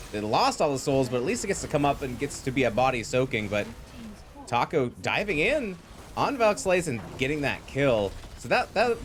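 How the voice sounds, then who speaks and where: Animated man calling an esports match. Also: fairly high pitch, slight background noise. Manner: excitable, jokey, quick to laugh and riff. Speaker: esports play-by-play caster. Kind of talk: lively live game commentary.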